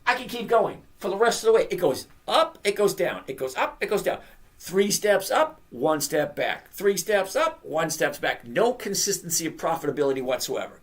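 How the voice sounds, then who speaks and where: Blunt trading host, sarcastic and mocking, swinging pitch, screen-share market commentary. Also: very animated, moderate pace. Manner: sarcastic and mocking, laughs at the numbers; blunt and opinionated.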